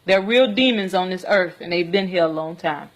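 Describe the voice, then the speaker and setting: A woman telling a personal story in a vlog, earnest and rambling, often pausing to check in with "okay?". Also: lowish voice. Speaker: vlogger.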